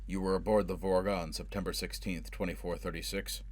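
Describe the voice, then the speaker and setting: Low-voiced narrator as a relentless avenger, harsh, pushing, audiobook. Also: male voice, flat delivery, fairly quick, dry recording. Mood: demanding. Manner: harsh, driving interrogation. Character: brutal, obsessed man hunting for revenge. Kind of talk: audiobook character voice.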